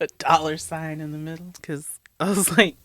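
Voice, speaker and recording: A young co-host bantering in casual chat, teasing and animated. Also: medium pitch, normal speed. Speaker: podcast co-host. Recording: noisy recording.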